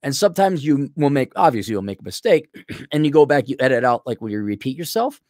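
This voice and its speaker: A man's voice: medium pitch, fast talker, dry recording, clean studio sound. Blunt, sarcastic middle-aged man ranting. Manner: blunt, sarcastic, animated, mocks others in put-on voices. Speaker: vlogger. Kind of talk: ranting monologue to camera.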